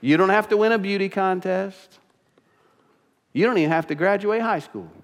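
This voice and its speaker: A pastor preaching a sermon with earnest delivery that rises into emphatic, repeated phrases. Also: male voice, high-pitched, moderate pace. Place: church sanctuary. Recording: long reverb in a church hall.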